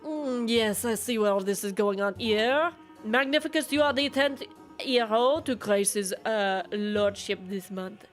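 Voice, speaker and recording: A woman voicing a haughty male dark mage with a put-on French accent, speaking slowly and formally in a fantasy game. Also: a little high, faint music behind, close to an everyday voice. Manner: haughty, drawn-out formal speech.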